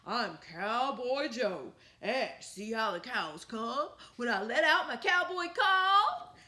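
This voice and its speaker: A woman voicing a bold, proud young cowboy who drawls slowly and then breaks into a high whoop, for a children's singing story. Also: lively intonation, bright, forceful tone, full character voice.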